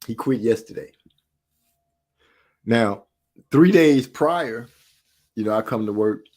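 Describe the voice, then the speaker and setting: A man telling a story in casual podcast chat, slangy and animated, often laughing between lines. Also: medium pitch, takes it slowly.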